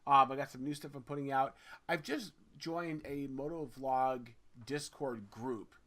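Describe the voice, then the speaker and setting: A man's voice: mid-range voice, steady tone, unhurried, a bit bright. A man hosting a gaming podcast in casual chat, upbeat and teasing, laughing readily. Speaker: podcast host.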